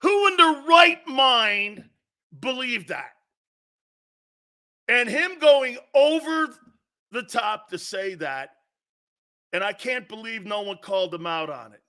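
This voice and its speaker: Man, sports talk host, high voice, blunt, profane, repetitive ranting. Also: expressive, slow pace, pauses often, fairly bright tone. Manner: blunt, profane, repeats his point hammering it home. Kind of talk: opinionated sports talk rant.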